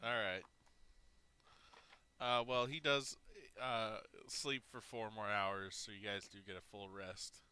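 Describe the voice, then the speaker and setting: A man's voice: fairly low pitch, fairly even intonation, takes it slowly, pauses often, sharp tone, clear, resonant tone. A man running a tabletop game as game master, narrating with many hesitations.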